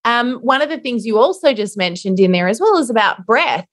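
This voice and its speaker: A woman's voice: on the high side, expressive, brisk. A woman hosting a podcast interview, asking questions and chiming in with agreement. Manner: affirming, conversational questions. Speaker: podcast host.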